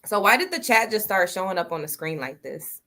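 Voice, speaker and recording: American woman, podcast co-host: bright, forward tone; loose, joking, profane banter. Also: mid-range voice, expressive, a little fast. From United States. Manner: playful, profane, teasing banter. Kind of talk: casual chat.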